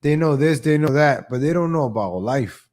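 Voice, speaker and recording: Pitched a bit high and a little mellow, his expressive voice moves at a normal speed. He's the host of a live online show, ranting in a loose, sarcastic style, repeating the first words of his lines and mimicking people in overdone voices. Opinionated, he hops between subjects.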